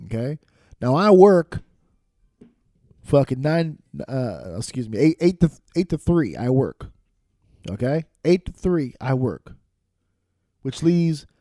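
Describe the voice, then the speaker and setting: A man hosting a podcast, telling a loud, angry, profane comic rant into a studio microphone. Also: a little high, dry recording. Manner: loud, angry, swearing storyteller. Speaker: podcast host.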